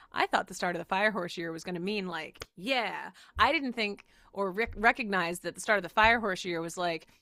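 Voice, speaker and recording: In a dry recording, this spiritual channel host talks to camera in a mid-range voice at normal speed, her tone pushed and bright. She has a Southern US accent, rambles and laughs often, and is sick and exhausted.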